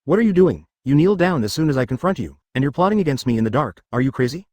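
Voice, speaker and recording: A man's voice: on the high side, expressive, fast, a little mellow, dry recording, studio quality. A man voicing an aloof, arrogant young martial master who talks in a curt, dismissive way. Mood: indignant.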